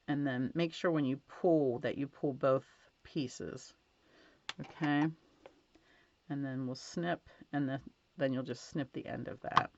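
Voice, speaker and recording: A woman's voice: rumbling low, no room sound. A woman teaching card stamping at her craft desk at home, chatting casually and gushing over how her cards turn out. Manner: chatty, gushing over results, many fillers. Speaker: stamping instructor. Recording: dull lo-fi home recording.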